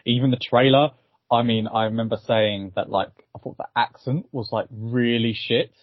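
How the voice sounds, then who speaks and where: A man's voice: mid-range voice, normal speed, dry recording, phone-quality sound. A man co-hosting a podcast, chatting casually and a bit hesitantly with frequent ums. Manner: relaxed, hesitant with many ums. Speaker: podcast co-host. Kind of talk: casual chat.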